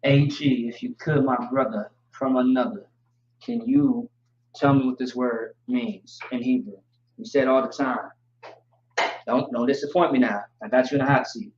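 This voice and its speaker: A man teaching a language class online, relaxed and joking, spelling words out slowly. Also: mid-range voice, a little hiss or hum. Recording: distant, roomy, dull mic sound.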